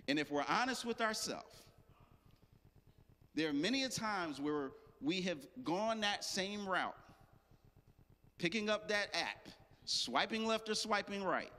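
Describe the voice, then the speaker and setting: Joking pastor preaching in an echoing hall. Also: male voice, sits high, expressive, measured pace, pauses often, bright, forceful tone. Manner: casual, joking preaching with slang asides. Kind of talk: sermon. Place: church. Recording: long hall reverb.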